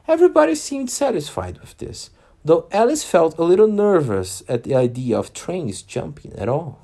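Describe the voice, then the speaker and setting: A man reading a storybook aloud to children, pausing now and then to explain words. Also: fairly high pitch. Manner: animated, unhurried, pauses to explain words.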